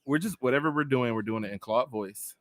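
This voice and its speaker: A man co-hosting a casual podcast, joking and swearing in offhand banter. His voice sits at a middle pitch. The recording is dry and close-miked. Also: a little fast, fairly bright tone, dry recording. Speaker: podcast co-host. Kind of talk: casual chat.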